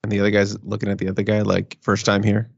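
Low gravelly man, dry lo-fi podcast. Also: completely flat delivery, fast, no echo. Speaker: podcast co-host. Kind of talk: casual sports podcast chat. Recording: dull, dry lo-fi sound.

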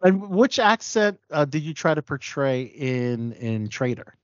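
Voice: medium pitch, very animated, measured pace, no echo. An interview host asking questions with enthusiasm and frequent laughter. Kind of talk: casual interview. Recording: dry, muffled lo-fi audio.

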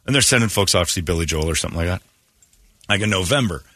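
Man, morning radio host, casual banter, animated, mocking, lively pitch, husky. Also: rapid-fire, dry recording, clean studio sound. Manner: animated, ranting, mocking, laughs often.

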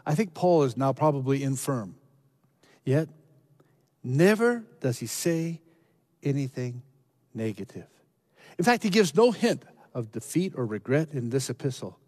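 A man preaching a sermon, earnest, climbing to emphatic peaks and then dropping low, often repeating words as he restarts. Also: animated, moderate pace, long pauses, a little mellow. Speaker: pastor.

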